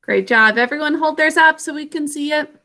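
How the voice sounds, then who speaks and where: A young woman teacher leading an online spelling lesson over a video call, clear and encouraging. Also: high-pitched, fairly quick, bright, forceful tone.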